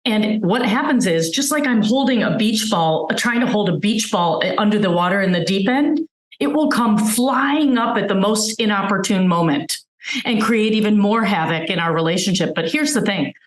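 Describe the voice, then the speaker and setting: A woman's voice: medium pitch, lively intonation, moderate pace, roomy sound, low-quality recording. A woman physician giving a webinar talk, earnestly explaining with everyday examples over a video call. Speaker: physician guest speaker.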